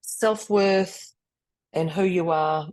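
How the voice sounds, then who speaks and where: A woman chatting playfully on a podcast, animated and laughing a lot. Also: on the low side, extremely slow. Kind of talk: casual podcast chat.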